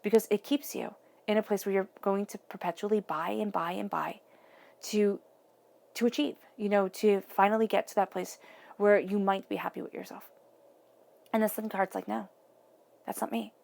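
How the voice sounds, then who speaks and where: A woman's voice: medium pitch, steady tone, moderate pace, creaky, darkish tone. A woman giving a tarot reading, talking earnestly and directly to the viewer in a casual, conversational way. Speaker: tarot reader.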